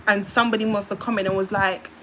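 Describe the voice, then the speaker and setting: A young woman with a British accent tells a winding personal story on a phone livestream, circling back and trailing off into repeated filler sounds. Her voice sits at an ordinary middle pitch. A faint background hiss runs under her words. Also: level tone, fast, bright, forceful tone, low-quality recording. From United Kingdom.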